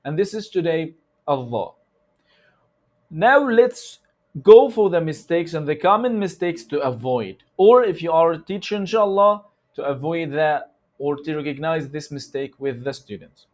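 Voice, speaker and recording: A man with an Egyptian Arabic accent, a native Arabic speaker, teaching a recitation lesson in loose conversational English and slowly repeating sounds to demonstrate them. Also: a little high, lively intonation. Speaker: tajweed teacher. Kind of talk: instructional lesson.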